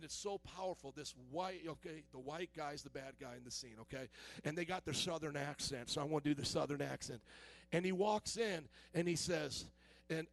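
Animated high-voiced joking preacher man. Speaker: pastor. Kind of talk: casual sermon.

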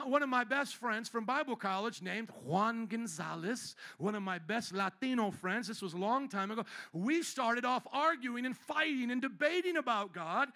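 A male pastor preaching a sermon in church, teasing and joking with the congregation. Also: high-pitched. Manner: playful, teasing, animated preaching. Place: church sanctuary.

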